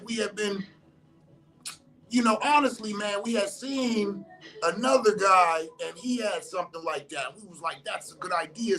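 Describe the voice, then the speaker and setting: Telling the story of an encounter, a man speaks in a sharp voice that sits high. He uses slangy, profane language and performs the voices of the others involved.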